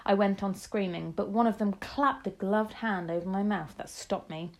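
Expressive woman reading a storybook. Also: medium pitch, moderate pace. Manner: dramatic, expressive. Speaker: audiobook narrator. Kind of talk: first-person storybook narration.

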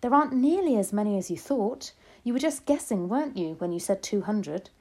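A woman voicing a calm, loving old grandmother who speaks in a soft whisper, in a storybook reading. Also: medium pitch, brisk, close to an everyday voice. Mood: hushed. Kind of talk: storybook read-aloud.

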